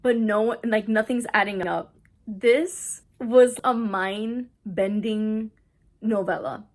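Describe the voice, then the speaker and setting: A young adult woman chatting casually in a book vlog, retelling a story in an excitable way full of "like". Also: medium pitch, takes it slowly. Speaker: book vlogger. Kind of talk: casual reading vlog chat. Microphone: camera on a stand, not handheld.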